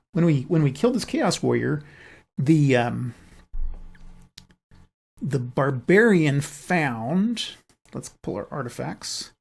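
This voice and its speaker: A man's voice: fairly high pitch, creaky, slightly rough. A man narrating his own solo board game playthrough, thinking aloud as he rolls dice and moves pieces. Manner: unhurried, thinking aloud while rolling dice. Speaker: board game channel host.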